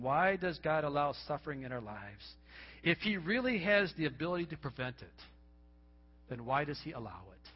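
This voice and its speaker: Earnest husky pastor. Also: male voice, on the high side, dull audio. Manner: earnest, emphatic, repeats himself, asks the congregation questions. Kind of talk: sermon.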